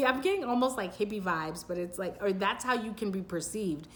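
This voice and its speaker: Woman tarot reader, mid-pitched, meandering and soothing, faint room hum. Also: moderate pace, hardly any pauses. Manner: rambling and intuitive, many "like" fillers and restarts. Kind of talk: pick-a-pile tarot reading.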